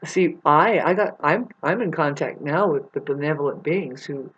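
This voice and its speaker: A woman rambles through a spiritual monologue with plenty of swearing, her voice a touch low. She drifts from soft asides to loud bursts. The recording is dull and lo-fi. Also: moderate pace, husky. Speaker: vlogger.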